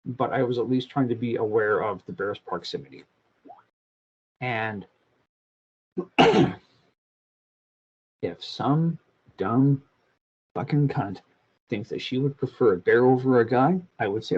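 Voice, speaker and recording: An older man with a husky voice, telling a meandering, crude story in casual podcast chat. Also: mid-range voice, unhurried, long pauses, a little mellow, dull audio. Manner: crude, meandering, many restarts. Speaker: podcast co-host.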